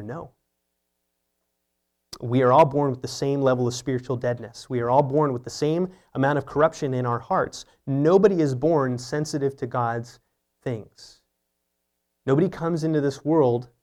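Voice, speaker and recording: A man's voice: medium pitch, a little mellow. A man preaching an earnest, teaching sermon, often asking rhetorical questions. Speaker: pastor.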